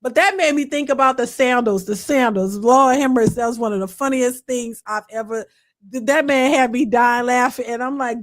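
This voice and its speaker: A woman hosting a casual live stream, telling a funny story in an animated, colloquial way and answering chat comments. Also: on the high side, moderate pace. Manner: animated, laughing, colloquial, swings from loud to hushed.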